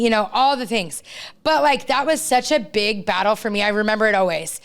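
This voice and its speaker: A woman's voice: mid-range voice, fairly quick, clean tone. A woman co-hosting a podcast, a youth coach telling a heartfelt story in a casual, earnest way with lots of fillers. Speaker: podcast co-host.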